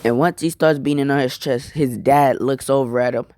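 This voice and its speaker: A young man with a medium-pitched, darkish voice casually retells a fan-made story at a moderate pace, his intonation fairly even. He rambles, leans heavily on fillers, and makes apologetic asides, all in a dry, clean studio recording.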